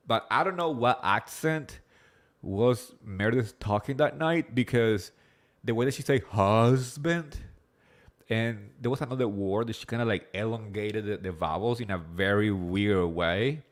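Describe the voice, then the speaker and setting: A man with an accent hosting a casual live recap chat, rambling quickly with lots of fillers and swearing freely. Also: lowish voice, expressive. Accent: non-native English accent. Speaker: host of a reality TV recap show.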